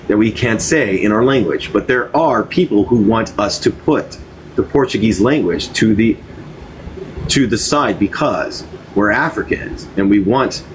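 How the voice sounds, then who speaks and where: A man's voice: medium pitch, poor audio. A man with a mid-range voice reads a long speech aloud, often tripping on words and backing up to correct himself. A faint hum sits behind his voice. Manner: halting, stumbles and restarts words. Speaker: reader of a translated speech. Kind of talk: reading a text aloud.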